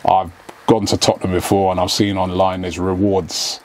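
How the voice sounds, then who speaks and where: A man's voice: low voice, flat delivery, moderate pace. A man telling a story in casual chat, acting out quoted lines in slangy talk. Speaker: podcast guest.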